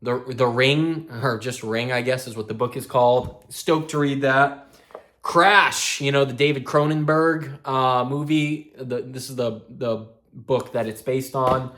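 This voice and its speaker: A man's voice: medium pitch, fairly even intonation, measured pace, fairly bright tone. A man talking in a loose, chatty vlog about metal and horror, laughing and swearing as he tells stories. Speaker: metal music vlogger. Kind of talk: casual rambling vlog.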